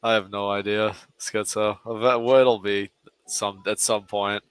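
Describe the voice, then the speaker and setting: A man's voice: fairly low pitch, level tone, measured pace, clean tone, no room sound, soft background music. A man on a casual stream panel, needling and teasing the other speaker in a laid-back way.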